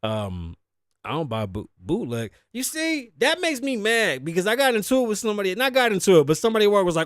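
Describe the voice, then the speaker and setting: Male host, profane and jokey rambler, slightly higher register, dry close sound. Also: huge pitch swings, fast, dry recording. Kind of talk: casual comedic commentary show.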